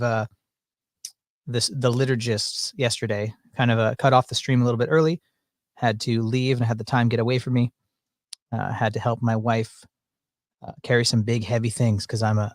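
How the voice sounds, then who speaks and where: A man talks casually to his viewers from home, joking and wandering between topics in a folksy manner. His pitch sits in an ordinary middle range. The room sound is dry, with the mic close. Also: a little mellow, no echo. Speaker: livestream host. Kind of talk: casual livestream chat. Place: at home, indoors. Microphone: desk mic through mixer with headphones.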